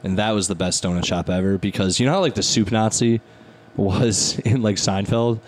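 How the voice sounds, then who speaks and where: A man hosting a podcast in casual chat, telling stories in an animated way and saying "dude" often. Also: on the low side, normal speed, a little hiss or hum. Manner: animated storyteller, peppered with "dude". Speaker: podcast host.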